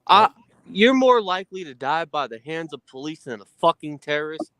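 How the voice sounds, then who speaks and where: A man's voice: a little high, sing-song, moderate pace, fairly bright tone. A guest on a casual chat, an emotional man ranting heatedly and cursing a lot.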